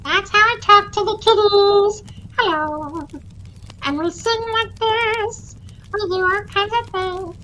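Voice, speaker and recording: A woman's voice: extremely high pitch, takes it slowly, sharp tone, a little hiss or hum, voice pushed up, exaggerated voice. A woman putting on the sing-song baby-talk voice she uses with her cats. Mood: cooing.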